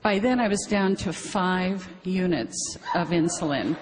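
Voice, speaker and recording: A woman's voice: fairly low pitch, measured pace. A middle-aged woman giving an upbeat, chatty testimonial on stage. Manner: chatty and upbeat, quoting others with animation. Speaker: speaker on stage. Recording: reverberant hall with faint noise.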